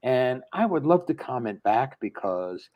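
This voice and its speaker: A middle-aged man, a comedian, telling stories on a live video call show, animated and acting out quoted voices with stammering restarts. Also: mid-range voice, a little slow, highs cut off. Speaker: guest co-host comedian.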